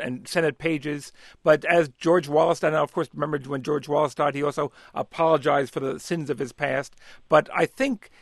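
A man's voice: a little high, creaky, no room sound, studio quality. A man as a regular political commentator on a radio panel, hesitant with many fillers.

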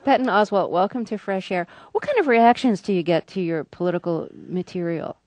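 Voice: mid-range voice, big pitch swings, brisk, darkish tone, no room sound. A radio host asks a guest short, curious questions. The voice sits in a middle register and stays to the point. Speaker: radio interviewer. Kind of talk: interview questions.

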